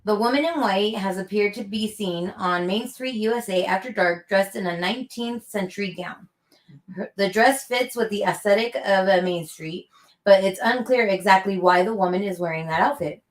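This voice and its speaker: A woman's voice: mid-range voice, moderate pace. A woman co-hosting a casual livestream chat, chiming in with short agreeing replies. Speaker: co-host. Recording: roomy echo.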